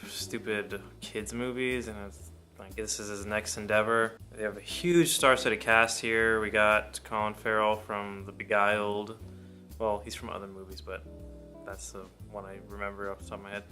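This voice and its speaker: A man's voice: fairly low pitch, bright, forceful tone. A man giving a casual, rambling film review, blunt and full of cursing. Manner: blunt, profane, rambling opinions.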